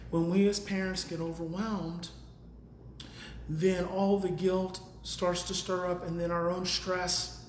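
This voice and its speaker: A man hosting a daily live video on parenting, talking casually and swinging from calm, low explanation to loud, emphatic passages. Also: roomy sound, a little hiss or hum. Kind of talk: casual live-stream teaching.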